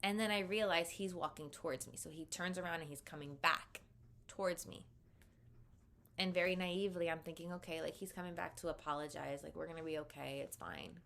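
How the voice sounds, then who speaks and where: Bright-voiced young woman telling a personal story. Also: low voice, brisk, vocal fry. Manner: candid, conversational, peppered with "like". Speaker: vlogger.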